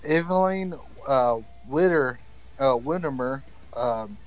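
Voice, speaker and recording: A man's voice: medium pitch, lively intonation, over a noisy crowd, poor audio. A man in a casual chat, stumbling over hard names as he reads and making offhand jokes. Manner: slow, stumbles over names, laid-back. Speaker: podcast co-host.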